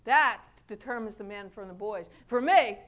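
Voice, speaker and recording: A middle-aged woman chiropractor giving a folksy, animated motivational talk, laughing often and acting out quotes. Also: on the high side, moderate pace. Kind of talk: motivational speech to an audience.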